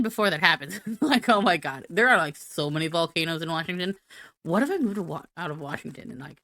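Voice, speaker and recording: A woman's voice: low-pitched, bright, forceful tone, no room sound. A woman streamer doing a silly, rambling, self-mocking be-right-back rant.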